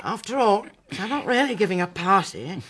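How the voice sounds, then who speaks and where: An actress playing a brisk, capable middle-aged householder who reassures and organizes those around her in a radio drama. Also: medium pitch, sing-song, a crowd in the background, natural voice.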